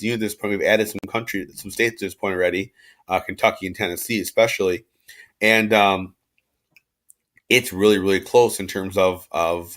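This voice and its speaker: A man's voice: on the low side, a bit bright. A man giving an informal history lecture as a teacher, talking casually with lots of fillers and asides.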